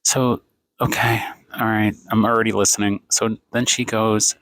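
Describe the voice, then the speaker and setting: A man's voice: on the low side, little pitch movement, moderate pace, a bit bright, no echo. A man in his fifties ranting sarcastically in a vlog, filming himself on a phone in a café. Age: 50s. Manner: exasperated, sarcastic, rambling. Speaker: vlogger. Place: café, indoors.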